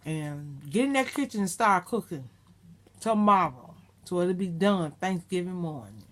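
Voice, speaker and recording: A woman's voice: on the low side, animated, unhurried, a bit bright, slight background noise. A middle-aged woman vlogger, chatting casually and reminiscing to her viewers, with some salty language. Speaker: mukbang vlogger.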